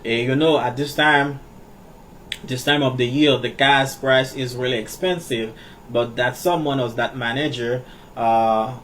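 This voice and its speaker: A man teaching English in a casual, halting way, with many fillers and repeated words. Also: mid-range voice, steady tone, fairly bright tone. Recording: distant mic with faint background noise.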